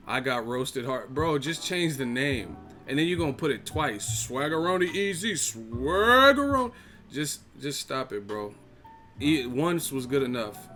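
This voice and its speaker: A man's voice: medium pitch, a bit bright. A man hosting a boxing live-stream chat, ranting and mocking viewers with lots of swearing. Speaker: boxing channel host.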